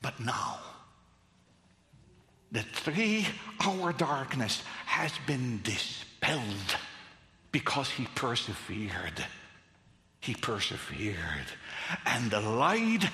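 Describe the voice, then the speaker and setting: A man preaching a sermon, dropping to hushed whispers and rising to fervent cries. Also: mid-range voice, very animated, extremely slow, pauses often. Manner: dramatic swings between hushed whispers and raised cries. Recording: echoey hall with long reverb.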